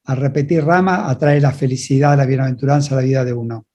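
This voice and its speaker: A man's voice: medium pitch, fairly even intonation, very fast, a little mellow. A man interpreting a spiritual talk, relaying each passage in short phrases and restarting now and then.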